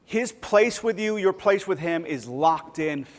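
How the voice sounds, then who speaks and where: A man delivering a sermon in a casual, self-deprecating way, his voice sitting a little high for a man. A long reverb trails behind him, as in a big church hall. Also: expressive, a little slow. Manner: conversational and self-deprecating, acting out voices in quotes. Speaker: pastor. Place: church sanctuary.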